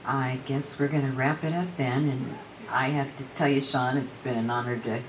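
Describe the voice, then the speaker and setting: A man's voice: mid-range voice, little pitch movement, moderate pace. Man moderator wrapping up a talk. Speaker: event moderator. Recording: noisy room ambience.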